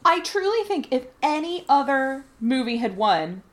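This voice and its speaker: A woman co-hosting a casual podcast about films, talking in an animated, indignant way and quoting others in asides. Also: high voice, a little slow. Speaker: podcast co-host. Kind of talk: casual film chat.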